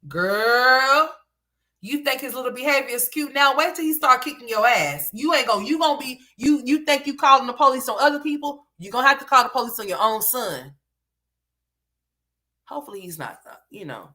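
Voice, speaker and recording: Brief: woman commentary host, bright and forceful tone, somewhat high pitch, blunt and profane, scolds freely. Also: animated, a little fast. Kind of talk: reaction commentary.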